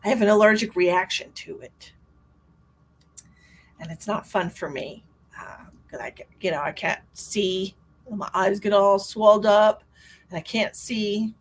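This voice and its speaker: A middle-aged woman hosting a live psychic stream, chatting casually and rambling to viewers, her voice swinging from loud to almost a whisper. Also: mid-range voice, a little slow.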